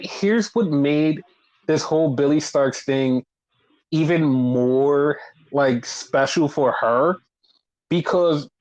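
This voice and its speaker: A man with a slightly high voice talks loosely on a wrestling podcast. He rambles, swears freely and acts out his own baffled reactions. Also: dull audio. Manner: rambling, swears often, animated retellings. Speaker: podcast co-host. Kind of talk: casual wrestling chat.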